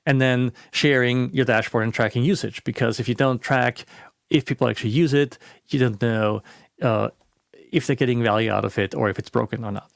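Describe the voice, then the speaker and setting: Gravelly-voiced man giving a webinar talk. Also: mid-range voice, fairly even intonation, brisk, no room sound, studio quality. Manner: conversational with restarts and fillers. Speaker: presenter. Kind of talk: webinar presentation.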